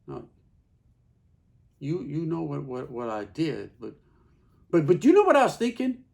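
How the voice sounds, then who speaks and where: A man's voice: fairly high pitch, wildly swooping pitch, vocal fry, darkish tone. Guy doing a folksy stage monologue as a regular husband, voice jumps all over, keeps repeating himself. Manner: folksy, storytelling, halting repeats. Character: Carl, plain-spoken middle-aged husband. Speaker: actor performing a monologue. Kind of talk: theatrical monologue.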